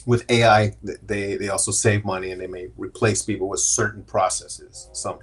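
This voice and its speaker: A man's voice: on the low side, fairly even intonation, moderate pace, husky. A man, a guest in an interview, talking candidly and earnestly about his own work life and slipping into quoted voices as he tells it. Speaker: guest, AI strategist. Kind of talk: conversational interview storytelling.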